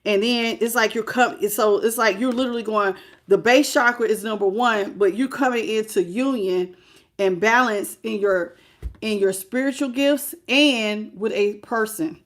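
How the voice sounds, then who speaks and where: A woman's voice: mid-range voice, a little slow, a bit bright. A woman giving a livestream tarot reading, talking casually and greeting viewers in the chat. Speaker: tarot reader.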